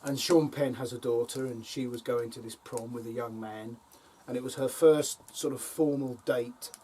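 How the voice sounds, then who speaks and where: An older man vlogging from his allotment speaks in a dark, mid-range voice with fairly even intonation and a moderate pace. He shares amusing tales to camera in a relaxed way, often umming and chuckling, recorded from a distance with faint outdoor ambience and a little hiss or hum.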